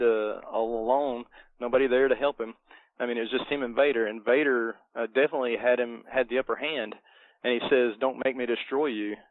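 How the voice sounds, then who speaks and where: A man's voice: mid-range voice, no room sound. A middle-aged man cohosting a podcast, talking casually and hesitantly with lots of fillers. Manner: hesitant, many fillers, nostalgic. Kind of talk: casual movie review chat. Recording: dry tinny phone-like line.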